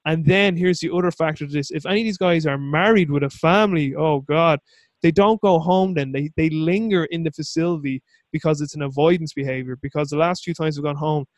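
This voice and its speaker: A man's voice: fairly high pitch, brisk, no echo. A man hosting a casual interview, talking at length in a rambling, frank way and swearing casually. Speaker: podcast host.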